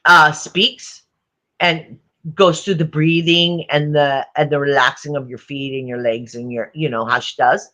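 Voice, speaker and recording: A woman hosting a casual livestream chat, talking warmly to her viewers and laughing often. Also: deep voice, steady tone, unhurried. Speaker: livestream host. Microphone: phone.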